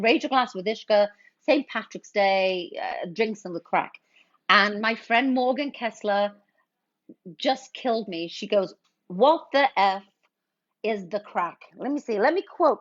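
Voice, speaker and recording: Chatty woman hosting a cocktail livestream. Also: a little high. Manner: chatty, greets viewers with pet names like honey and boo. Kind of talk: casual livestream chat while mixing drinks. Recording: slightly dull lo-fi stream audio.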